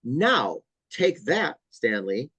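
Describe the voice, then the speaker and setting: A man's voice: medium pitch, big pitch swings, drawn-out words, a bit bright, slightly rough, dry recording, rough recording. A man speaking as a trauma counselor on an interview podcast, explaining earnestly with vivid stories and repeated emphasis.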